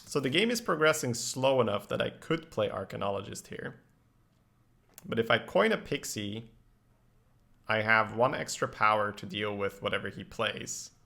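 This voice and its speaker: A man's voice: lowish voice, lively intonation, moderate pace, gravelly, pushed and bright. A man streaming a card game, talking through his plays in casual, analytical commentary and laughing easily. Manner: analytical, thinks aloud about plays.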